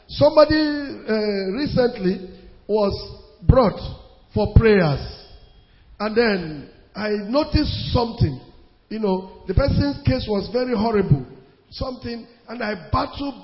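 A man preaches with a high, gravelly voice, repeating lines for emphasis and bursting into sudden shouts. The recording is dull and muffled, with a long reverb from the church hall around him. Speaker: pastor. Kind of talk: sermon.

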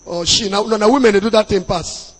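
Nigerian pastor preaching, pretty high voice, big echoey hall, gets loud now and then. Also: male voice, a little fast. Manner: preaching with bursts of loud emphasis, Pidgin asides. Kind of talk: sermon. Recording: long hall reverb.

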